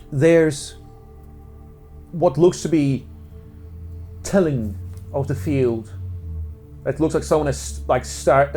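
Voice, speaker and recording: Rambling New game master. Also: male voice, on the high side, a little mellow. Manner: casual, rambling, full of fillers. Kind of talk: narrating a tabletop role-play.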